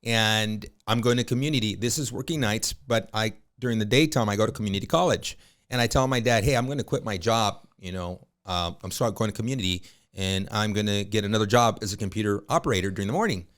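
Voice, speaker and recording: Lively storytelling man in his fifties. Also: lowish voice, quick pace. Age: 50s. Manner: lively anecdotal storyteller, colloquial, with frequent fillers. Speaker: podcast guest, realtor. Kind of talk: storytelling in a podcast interview.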